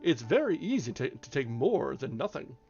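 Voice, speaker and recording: A man voicing a rude, excitable male Hatter in a storybook reading. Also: medium pitch, moderate pace, muffled recording, soft background music, close to an everyday voice. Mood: snappish. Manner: snappish, triumphant.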